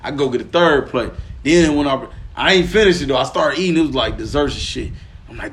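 A man's voice: normal speed, gravelly, a little hiss or hum. A man from Pine Bluff, Arkansas, co-hosting a podcast and telling a long story in casual, profane slang. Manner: animated, profane, slangy, often lowers voice then bursts up laughing. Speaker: podcast co-host.

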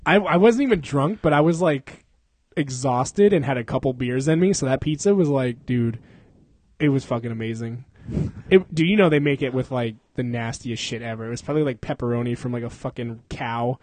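A man's voice: mid-range voice, a little fast, a little mellow, no room sound. A man casually telling a story as podcast host, swearing freely, laughing often and acting out the people in it.

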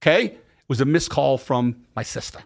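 A middle-aged man telling a personal story in a casual interview, emphatic and animated. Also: medium pitch, normal speed, vocal fry. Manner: emphatic, animated retelling with acted quotes and profanity. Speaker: podcast guest.

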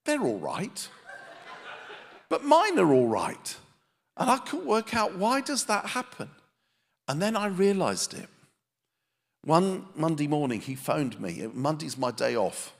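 A man's voice: fairly high pitch, sing-song, slow, gravelly, long pauses. A man preaching a sermon as a pastor, telling self-deprecating stories with comic timing to a live audience. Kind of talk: sermon with humorous storytelling. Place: church meeting with a live audience. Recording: long reverb of a church hall.

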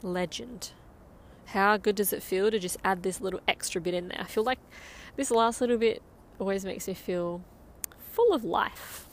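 Woman, running coach, encouraging, medium pitch, faint background ambience. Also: fairly even intonation, normal speed, slight background noise. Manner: upbeat, encouraging, counts down. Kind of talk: guided interval run coaching.

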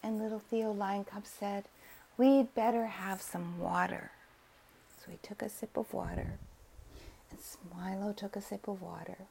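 A woman narrating a bedtime story softly and slowly, often sinking into whispers. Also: medium pitch, flat delivery, vocal fry, slight background noise. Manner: soft and slow, dropping to whispers.

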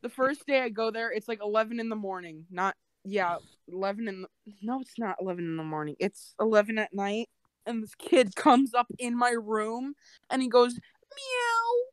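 A woman's voice: medium pitch, moderate pace, no room sound. A young woman chatting on a casual podcast, telling rambling stories full of restarts and quoted voices. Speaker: podcast co-host. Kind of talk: casual chat.

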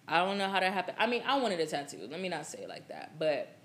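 A woman's voice: fairly low pitch, very animated, fast, fairly bright tone. A young woman hosting a podcast, telling a story in a casual, profane, laughing way. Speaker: podcast host.

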